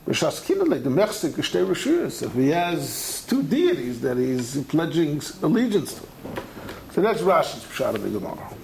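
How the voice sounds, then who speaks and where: A man's voice: fairly high pitch, normal speed, creaky, a little hiss or hum, poor audio. A man giving a Talmud study lecture, talking animatedly and conversationally as the teacher. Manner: animated, conversational, acts out the texts he quotes.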